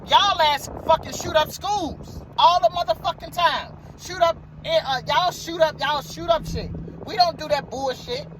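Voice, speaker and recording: A man's voice: extremely high pitch, unhurried, a bit bright, slight background noise, poor audio. A man who drives a motor coach bus tells a story in a casual vlog, heated and profane, and he repeats himself.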